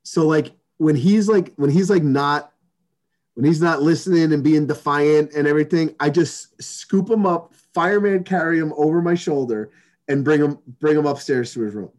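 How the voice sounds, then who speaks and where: Male co-host, chatty and giggly, slightly high-pitched. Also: moderate pace, darkish tone. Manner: chatty, laughs easily, rambling. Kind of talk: casual chat.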